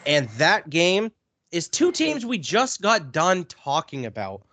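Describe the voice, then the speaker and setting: A man's voice: sits high, slow. A man co-hosting a casual sports podcast, leading the game picks and swearing casually. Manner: animated, swears casually, runs through games. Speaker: podcast co-host running the picks.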